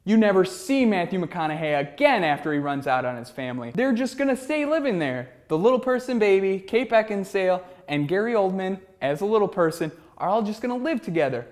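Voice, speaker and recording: Sarcastic young man reviewing a film. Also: a little high. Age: 20s. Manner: sarcastic, incredulous. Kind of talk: comedic film review monologue.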